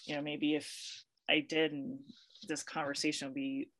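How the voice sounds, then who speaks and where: Low-pitched woman, interview guest, emotional and talkative. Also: little pitch movement, normal speed, a bit bright, slight background noise. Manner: emotional, chatty storyteller who laughs easily. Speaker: interview guest, university professor. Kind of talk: conversational interview.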